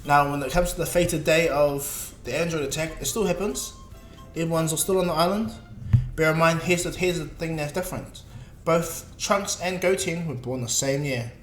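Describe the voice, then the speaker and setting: A man's voice: on the high side, moderate pace, reverberant, soft background music. A man casually retelling a fan-made story, rambling with lots of fillers and self-corrections. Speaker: video creator.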